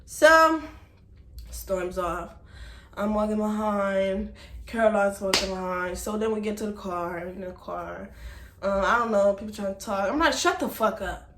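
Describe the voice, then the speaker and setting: Animated woman telling a story, echoey room. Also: medium pitch, unhurried, a little hiss or hum. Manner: animated, emphatic, talks straight to viewers as y'all. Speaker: vlogger telling a personal story. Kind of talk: casual storytime to camera.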